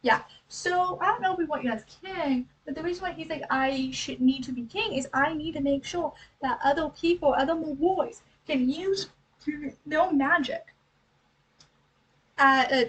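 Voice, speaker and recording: Woman vlogger, high voice, mic set back from her; breezy recap full of "right?" and quick asides. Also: fairly bright tone, recorded from a distance, low-quality recording. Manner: chatty, rhetorical questions, acts out lines in quick asides. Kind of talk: casual book recap and analysis.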